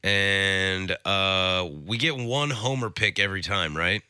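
A man's voice: low-pitched, slow, sharp tone, smooth, no echo. Sarcastic male radio host, dry studio sound, casual banter. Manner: sarcastic, teasing. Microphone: studio mic.

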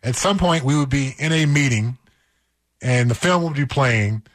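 A man's voice: medium pitch, animated, moderate pace, no echo, clean studio sound. A man who played pro football, a guest on a sports radio show, telling stories in an easygoing way. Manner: easygoing storytelling. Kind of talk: casual radio sports talk.

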